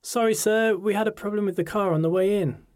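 A man voicing a cheerful teenage girl in an audiobook, with a breezy, bright way of talking. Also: high voice, fairly even intonation, brisk, voice pushed up, lightly acted. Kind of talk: audiobook character voice.

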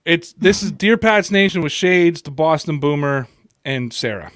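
A man's voice: fairly high pitch, animated, normal speed, fairly bright tone, no room sound, clean studio sound. A man with an American Italian accent hosting a casual live sports podcast chat, joking and poking fun at himself. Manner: joking, self-mocking. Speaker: podcast host.

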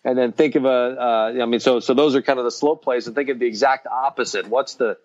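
A man's voice: mid-range voice, steady tone, a little fast, darkish tone, lo-fi sound. A man co-hosting a casual business chat, rambling with lots of fillers and restarts. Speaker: podcast co-host.

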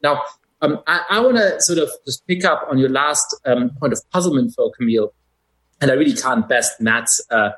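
A man's voice: medium pitch, normal speed, fairly bright tone, husky, rough recording. A man with a German accent, a podcast guest, making his case analytically with many hesitant fillers. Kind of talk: podcast conversation.

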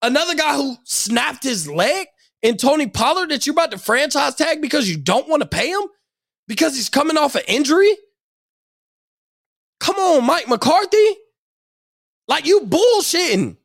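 Man, podcast host, angry profane rant, gravelly voice, dry close sound. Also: very high-pitched, very animated, moderate pace, no echo. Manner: angry, profane, shouting at times.

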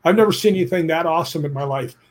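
A middle-aged man, a stunt performer, telling an animated story in a casual interview, often tagging his sentences with "right?". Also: on the high side, racing. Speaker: stuntman and actor, guest.

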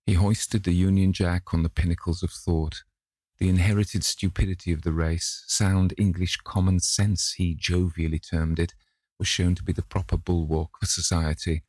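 A man narrating a classic novel in a measured, even storytelling manner. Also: deep voice, no room sound. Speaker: audiobook narrator. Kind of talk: scripted narration.

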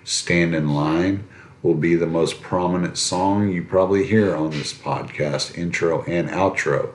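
A podcast host with an extremely deep voice talks in a loose, rambling way and curses freely. His voice carries a roomy echo. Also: measured pace, slight background noise. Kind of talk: casual podcast intro.

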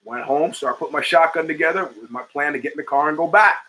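Male podcast host, middle-aged, bright tone, casual and crude. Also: a little high, quick pace, rough recording. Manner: rambling, profane, reads chat and answers it. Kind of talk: casual talk show monologue.

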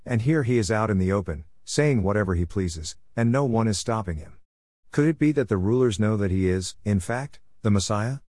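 Man reading puzzled male townsfolk, questioning, low dry voice. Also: lively intonation, normal speed, darkish tone, no echo, close to an everyday voice. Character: doubting male townsfolk in a crowd.

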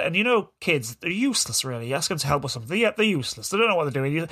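A middle-aged man co-hosting a podcast in loose, casual banter. His voice sits a little high and sounds bright and forward. He tells stories bluntly and swears freely. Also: lively intonation, very fast, few pauses. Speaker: podcast co-host.

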